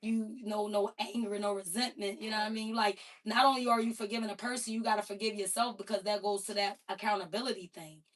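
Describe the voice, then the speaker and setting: A woman livestream host rants casually in an emphatic, heavily profane way, talking fast with hardly any pauses. Her voice is medium-pitched and steady in tone, and she sits a bit far from the mic.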